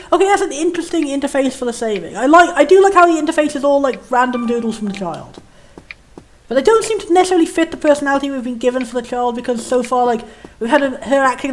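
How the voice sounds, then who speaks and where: A woman's voice: a little high, slight background noise. A woman casually commenting on a video game, reading its text aloud and rambling through puzzled questions. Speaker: let's play host. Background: faint game music.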